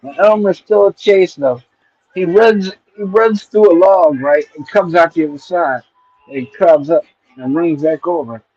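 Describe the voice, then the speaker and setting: A man's voice: on the high side, unhurried, a little mellow, no room sound. A middle-aged man hosting a stream, retelling old stories in a rambling, casual way and often checking in with "right?" and "you know". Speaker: stream host. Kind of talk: casual nostalgic storytelling. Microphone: streaming mic. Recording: dull lo-fi stream audio.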